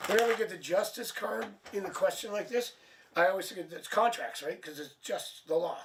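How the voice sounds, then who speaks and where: Tired man, tarot reader, high voice, set back from the mic, faint background noise. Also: fairly quick, distant mic. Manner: chatty, laughs at himself, thinks aloud. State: tired, low energy. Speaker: tarot reader hosting a live stream. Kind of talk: casual live-stream chat and card reading.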